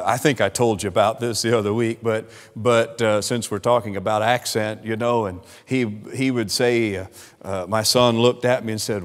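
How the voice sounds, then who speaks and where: A man with a Southern accent, a pastor preaching a sermon with animated swings in volume and laughing asides. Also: medium pitch, long reverb tail. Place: church sanctuary.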